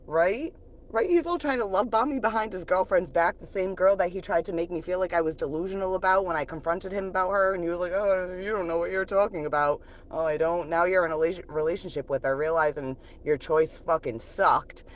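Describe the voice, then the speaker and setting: A woman's voice: lowish voice, a little fast. A woman hosting a livestream, venting bluntly and profanely about an ex and often laughing. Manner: reflective when talking about moving on. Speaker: livestream host. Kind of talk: casual live-stream venting.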